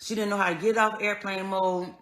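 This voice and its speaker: A woman telling a personal story in an earnest, conversational way, going soft and then raised as she relives moments. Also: mid-range voice, flat delivery, fairly quick. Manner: earnest, conversational, swings between quiet and raised when retelling. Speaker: vlogger.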